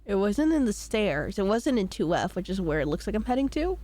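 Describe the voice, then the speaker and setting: A woman streamer chatting playfully with her audience while playing a game, her voice slightly hoarse from a cold. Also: mid-range voice, sing-song, fairly quick, dark tone. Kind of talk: casual game-stream chat.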